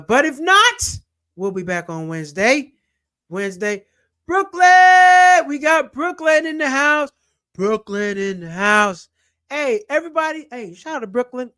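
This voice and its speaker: A young man hosting a casual livestream, eagerly shouting out viewers and their cities and plugging his channels. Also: very high voice. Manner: hyped, repetitive shout-outs to viewers. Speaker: livestream host.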